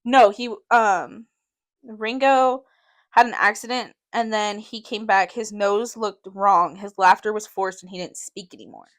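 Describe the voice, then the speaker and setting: A woman's voice: medium pitch, fairly even intonation, a little slow. A woman co-hosting a podcast, telling a conspiracy theory in a loose, casual chat full of fillers. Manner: tells conspiracy theory with fillers, laughs easily. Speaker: podcast co-host.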